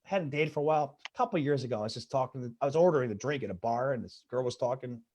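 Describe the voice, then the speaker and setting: A man's voice: mid-range voice, racing, darkish tone. A male stand-up comedian tells rambling stories over a video call. He keeps insisting "I swear to God" and tumbles from one anecdote to the next.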